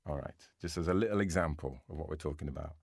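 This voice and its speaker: A man's voice: rumbling low, quick pace, vocal fry, a little mellow, breathy edge, no echo, studio quality. A man co-hosting a writing podcast, chatting casually and thinking aloud with frequent restarts. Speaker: podcast co-host. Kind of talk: casual chat.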